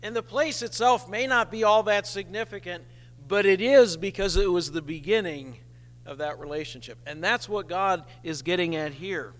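A man preaching a sermon as pastor, slow and emphatic with dramatic pauses. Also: sits high, fairly bright tone, big-room sound.

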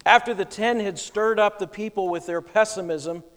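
A male pastor preaching a sermon with emphatic delivery, swinging between soft and loud. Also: high-pitched, normal speed, in a large hall.

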